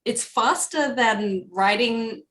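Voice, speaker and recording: A woman's voice: fairly high pitch, slow pace, fairly bright tone. A woman from Australia with an Australian accent, a composer chatting casually in an interview, laughing often and filling with ums. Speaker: composer guest.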